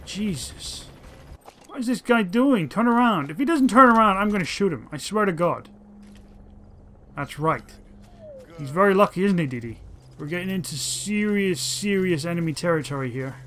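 A man giving casual, excitable and profane commentary while playing a video game. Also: sits high, moderate pace, a little hiss or hum. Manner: excitable, profane, talks to his dog companion. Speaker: let's play commentator.

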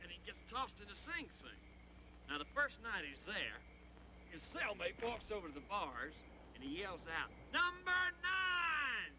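An actor playing a rowdy biker gang member who tells jokes in a drawn-out, boisterous way in 1960s film dialogue. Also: male voice, high-pitched, big pitch swings. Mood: joking. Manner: boisterous joke-teller, drawn-out delivery. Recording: dull old film soundtrack with hiss.

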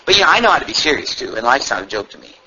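A man preaching a sermon to his church, swinging from low asides to loud, fervent calls. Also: sing-song, very fast. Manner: shouts and climbs high when fervent, mocking asides. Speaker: pastor. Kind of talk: fiery sermon. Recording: dull low-fidelity church recording, faint hiss.

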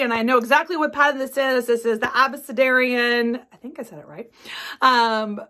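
A woman's voice: sits high, pushed and bright. A woman in her forties hosting a craft video at home, chatting enthusiastically about her sewing projects with lots of ums and asides. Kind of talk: casual show-and-tell chat.

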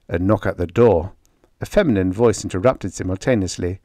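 A man's voice: deep voice, brisk, dark tone, no echo, clean studio sound. A man narrating a vintage science fiction short story as an audiobook.

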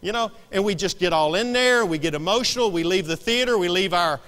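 Male pastor, sermon, bright high voice, long hall reverb, hushed to shouting. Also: fairly quick. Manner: dramatic swings from hushed to shouting. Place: church sanctuary.

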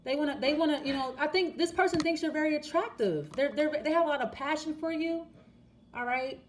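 A woman's voice: high-pitched, fairly quick, a little hiss or hum. A woman giving a casual, chatty tarot reading straight to the viewer, repeating and restarting her words as she talks. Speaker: tarot reader.

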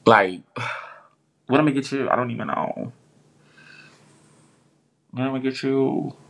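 A man's voice: medium pitch, slow pace, creaky. A man hosting a live stream, chatting casually in a heartfelt, rambling way full of filler words.

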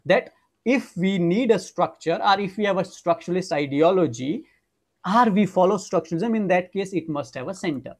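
A woman lecturing in an online webinar. She explains step by step and often fills pauses with "you know". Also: lowish voice, expressive, a little mellow. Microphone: online webinar microphone.

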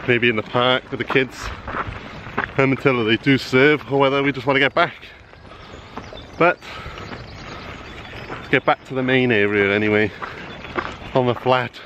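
Background noise is heavy as a thirties-aged family vlogger, mid-range in voice, talks casually into a handheld camera. He's out walking a farm trail, encouraging his little son along the way.

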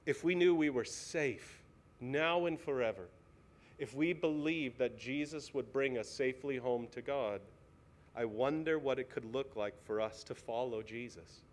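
A man's voice: medium pitch, measured pace. A male pastor preaching a sermon in a church, earnest and pleading, asking the congregation many questions. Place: church sanctuary.

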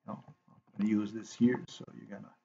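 A man with a slightly low voice talks through a video edit, half to himself and half to his viewers. He loops back over phrases, stalls on fillers and repeats lines over and over. The recording sounds dull and lo-fi. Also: flat delivery, vocal fry, dark tone, breathy edge. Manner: repetitive, halting, thinks aloud with many fillers. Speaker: video maker. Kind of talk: rambling monologue while editing a video.

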